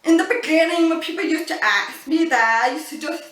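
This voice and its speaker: A young woman from the Boston area with a deaf speech pattern, telling personal stories to camera in a casual, thoughtful way with many pauses and fillers. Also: sits high, a bit bright. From Boston area, United States. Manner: slow, thoughtful storytelling with fillers. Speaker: vlogger. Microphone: built-in camera mic. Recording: echoey room, camera mic from a distance.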